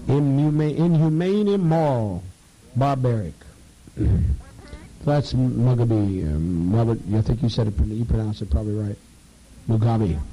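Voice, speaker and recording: A man leading a program and addressing a group informally, halting and repeating words for emphasis. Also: medium pitch, mellow, dull audio.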